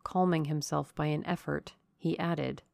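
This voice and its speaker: A woman reading a classic novel aloud as an audiobook narrator, measured and dramatic. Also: low voice, fairly even intonation, creaky, a little mellow, dry recording, clean studio sound.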